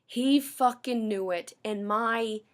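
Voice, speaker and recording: A woman with a somewhat high voice delivers a bitter, sarcastic rant straight to camera. She swears freely and circles back to the same grievances with cutting, pointed phrasing. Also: slow. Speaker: vlogger. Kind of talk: angry personal rant.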